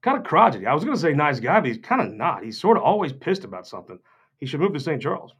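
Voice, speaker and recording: A man's voice: a little high, sing-song, quick pace, fairly bright tone, slightly rough. A man from Missouri giving off-the-cuff, joking political remarks to a gathering, sardonic and rambling with mocking asides. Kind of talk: off-the-cuff humorous political talk.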